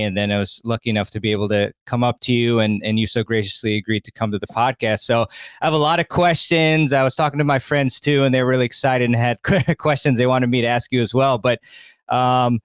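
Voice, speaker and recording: A man's voice: mid-range voice, steady tone, fairly quick, smooth, no echo, studio quality. A man hosting a podcast, talking in a rambling, enthusiastic way with lots of fillers and restarts. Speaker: podcast host. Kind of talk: casual conversational intro and interview.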